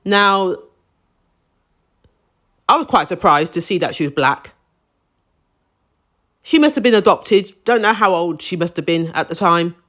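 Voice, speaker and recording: A woman talks through a TV drama in a casual, opinionated review. Her pitch rises and falls in lively swings, and she drops into emphatic, indignant asides. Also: measured pace, long pauses.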